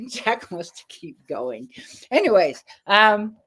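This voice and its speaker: A woman author talks loosely with viewers on a live stream and keeps turning aside to speak to her dog. Her talk is relaxed and full of "um" and "so yeah". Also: medium pitch, takes it slowly, husky. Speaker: author hosting a live chat. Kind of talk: casual live-stream chat.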